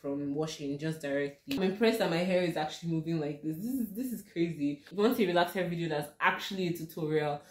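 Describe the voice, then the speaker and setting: A woman's voice: sits low, fast, hardly any pauses. A young woman from Nigeria chatting casually in a home vlog, with dramatic, panicky exclamations and laughter. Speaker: vlogger. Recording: roomy, distant home recording.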